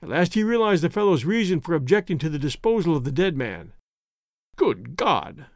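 A man narrating an adventure story in a measured, dramatic reading. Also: on the high side, animated, no room sound, studio quality. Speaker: audiobook narrator. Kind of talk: scripted narration.

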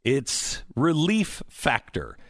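A man's voice: mid-range voice, wildly swooping pitch, extremely slow, no echo, clean studio sound. A middle-aged man hosting a radio talk show, joking, reading ads and mimicking other people's voices. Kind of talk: casual radio talk and live ad reads. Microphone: studio microphone.

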